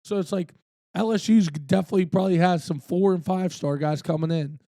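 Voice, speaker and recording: A man's voice: high voice, a little fast, gravelly, mellow, no room sound, studio quality. A young man co-hosting a casual sports podcast, laid-back and swearing freely. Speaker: podcast co-host.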